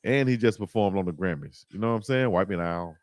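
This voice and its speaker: A man's voice: on the low side, fast talker, no room sound. Laughing, slangy man hosting a live stream. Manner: animated, laughing, slangy banter. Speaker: live-stream show host. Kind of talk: casual live-stream chat.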